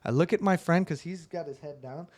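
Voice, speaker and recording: A man's voice: fairly high pitch, a little fast, a little mellow, dry recording. A young man casually telling a long, rambling story as a podcast host. He swears often and acts out the lines he quotes.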